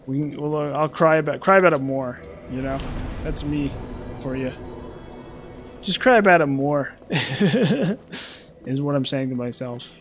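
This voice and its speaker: A man's voice: on the high side, unhurried, soft background music. A man giving casual gameplay commentary, rambling and thinking aloud with self-deprecating asides.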